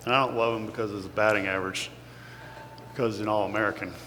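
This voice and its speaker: A man's voice: on the low side, fairly even intonation, fast, sharp tone. Man, Kentucky accent, earnest storyteller, emotional, echoey big room, faint hum. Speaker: guest speaker. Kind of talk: motivational talk. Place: large hall with audience.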